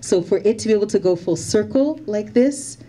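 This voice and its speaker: A woman's mid-range, dark-toned voice comes across animated at a moderate pace. Born in Canada and serving as a member of parliament, she delivers a heartfelt, somewhat emotional thank-you to volunteers at an event, repeating her thanks.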